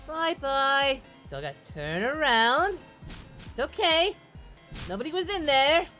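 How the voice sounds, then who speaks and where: In a heavily acted Goku impression, a performer plays the cheerful, dim-witted martial-arts hero commenting on a game for comedic effect, referring to himself in the third person. His high, sing-song voice is a little slow, pushed, and bright, and he shrieks and whoops with giddy, childlike excitement. Faint music plays underneath.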